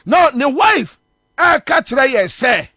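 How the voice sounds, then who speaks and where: A man's voice: very high voice, big pitch swings, slow, bright, forceful tone, no echo, clean studio sound. A Ghanaian man hosting a morning radio show, delivering combative political commentary and hammering his points with repetition. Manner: combative, scornful, repeats phrases for emphasis.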